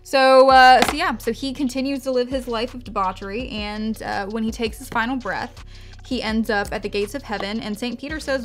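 Soft music plays as a beauty vlogger, her voice a little high and her speed normal, chats through a story during her makeup routine. She drifts into tangents, cuts herself short, and swears freely in a loose, talkative manner.

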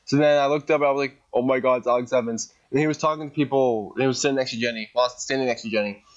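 A man co-hosting a podcast in casual chat, excitable and rambling, with lots of "like". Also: medium pitch, very fast, highs cut off. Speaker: podcast co-host.

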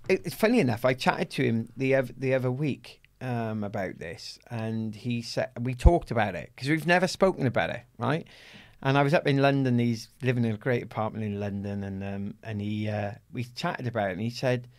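A middle-aged athlete from Wales, appearing as an interview guest, tells a personal story with animation and acts out the voices of the people he quotes. His pitch is medium and his delivery brisk, with few pauses.

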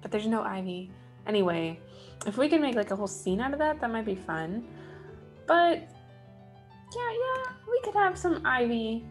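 Soft music sits behind a fairly high female voice that swings widely in pitch at a normal rate. She's a gaming channel host, likely in her thirties, doing laid-back let's play commentary and talking to herself wryly as she builds.

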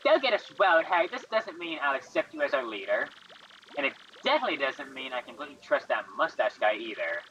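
A woman's voice: deep voice, sing-song, brisk, fairly bright tone, distant mic, highs cut off, a little hiss or hum, voice pushed down. A woman voicing a stubborn, sarcastic young creature rival. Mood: sneering. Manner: sneering, sarcastic.

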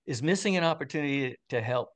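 A man's voice: mid-range voice, expressive, fast talker. An older man, an interview guest, telling a story in a casual, rambling way, full of fillers and restarts.

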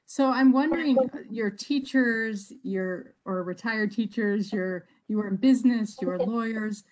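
A woman who directs an international office, moderating an online panel and talking with many pauses and restarts. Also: fairly high pitch, darkish tone, rough recording. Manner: hesitant, many ums and restarts.

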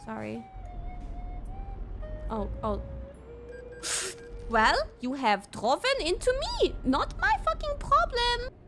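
A young woman from Europe streaming a driving game, excitable and swearing often, breaking into shouts. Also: very high-pitched, takes it slowly, pauses often. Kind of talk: live gameplay commentary. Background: game music.

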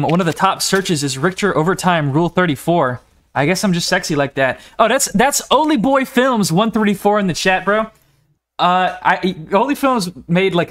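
A man's voice: a little high, fairly bright tone. A young man streaming a game, rambling in casual, profane talk, often restarting sentences and laughing between words. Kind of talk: casual live-stream gaming commentary.

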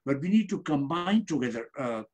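Husky yogi guy, voice bouncing up and down, preachy uplifting talk in simple english. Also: a little high, sing-song, brisk, a little mellow. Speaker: yogi guest. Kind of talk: casual interview talk.

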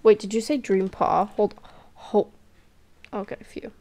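Woman gamer, casual and excitable, gravelly fry in the voice. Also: mid-range voice, a little slow. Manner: giggly, excitable, self-mocking. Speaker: gamer playing a cat role-play game. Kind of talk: casual let's-play commentary.

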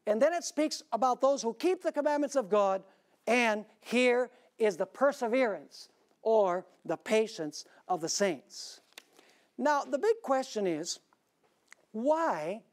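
A male pastor delivering a sermon, asking rhetorical questions and swinging suddenly between loud, high emphasis and quiet lows. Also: expressive, a little slow.

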